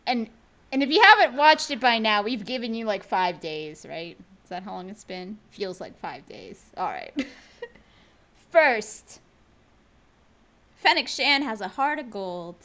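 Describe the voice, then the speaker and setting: A woman co-hosting a casual podcast over a video call, playful and quick to laugh. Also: mid-range voice, lo-fi sound. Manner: laughs often, animated and playful. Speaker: podcast co-host. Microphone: home mic on a video call.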